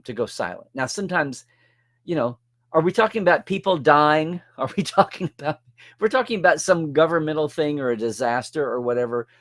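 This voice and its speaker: Middle-aged male show host, lively swooping delivery, rambling and sarcastic, casual commentary. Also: on the high side. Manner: rambling, sarcastic asides, restarts mid-sentence.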